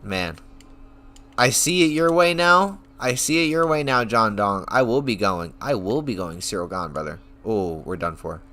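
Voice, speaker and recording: A man streaming a casual reaction rant, telling stories in an excitable, profane, rambling way. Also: on the low side, moderate pace. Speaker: online streamer.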